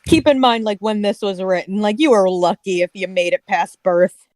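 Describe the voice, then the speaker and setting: A speaker joining a casual group read-aloud with teasing, quick remarks. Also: medium pitch, fairly even intonation, no room sound. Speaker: co-reader.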